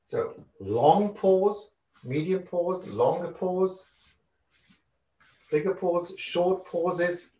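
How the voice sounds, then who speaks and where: A man teaching public speaking skills, talking with lively swings of loudness and pitch as he explains and demonstrates. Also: drawn-out words, pauses often. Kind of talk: presentation skills lesson.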